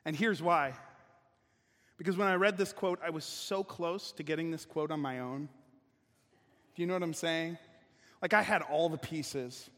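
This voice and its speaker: A man's voice: a little high, moderate pace, pauses often, fairly bright tone. A man preaching a sermon as pastor, conversational and emphatic, often restarting his sentences. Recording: long reverb of a large hall.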